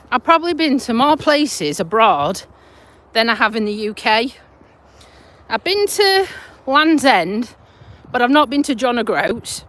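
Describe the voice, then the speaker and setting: A woman's voice: on the high side, fairly bright tone. A woman in her forties from the UK, chatting and rambling on a live stream while walking her dog outdoors, talking into a phone. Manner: chatty, rambling, laughs easily. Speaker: vlogger. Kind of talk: casual live-stream chat.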